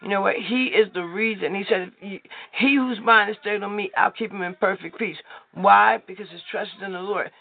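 A man with a high, gravelly voice leads a prayer call, preaching informally and rambling through endless fillers like "you know what." He speaks briskly over a thin, tinny telephone line. The sound is dry and close, with no echo.

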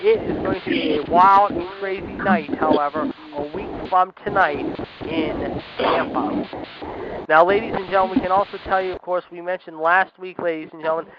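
A man hosts an internet radio talk show in an announcer style, and he keeps working "however" and "ladies and gentlemen" into his sentences. His voice sits a little high for a man. The sound is dull and lo-fi, and a loud noise bed runs under it. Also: fairly even intonation, normal speed. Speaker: wrestling radio show host.

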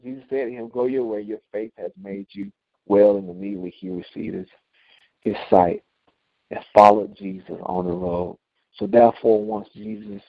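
A man teaching a Bible study and leading a closing prayer, preaching emphatically with rising and falling loudness. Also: fairly low pitch, creaky, no room sound. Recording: tinny phone-line sound, dry.

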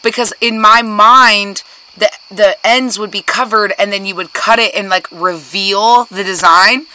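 A relaxed woman co-host talks casually, laughing and rambling through her explanations. Her voice is bright, at a middle pitch. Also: a little slow, low-quality recording. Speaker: podcast co-host. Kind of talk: casual chat.

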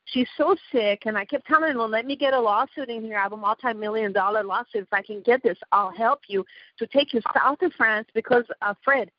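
A fairly high-pitched woman originally from Iran speaks emphatically as a talk radio guest, jumping from point to point and cutting in often. The sound is dull and lo-fi, with a very dry, close feel. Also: brisk, no echo. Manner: rambling, emphatic, interrupts often. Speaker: radio show guest, activist. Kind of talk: talk radio call-in chat.

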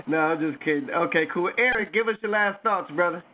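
A man hosting a call-in radio talk show, taking callers and closing with a drawn-out, preachy sermon-like speech. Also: sits high. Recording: tinny phone-line sound with faint noise.

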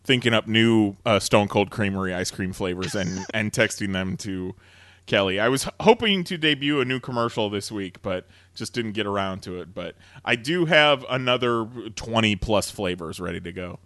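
A man's voice: fairly low pitch, moderate pace, fairly bright tone, no echo, clean studio sound. A man hosting a podcast in casual chat, chatty with many fillers and frequent laughter. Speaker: podcast host.

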